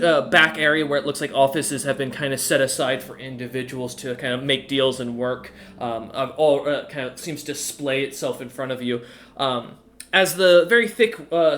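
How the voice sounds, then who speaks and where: A man's voice: medium pitch, a bit bright. A man narrating a tabletop game as game master, rambling with lots of ums and uhs.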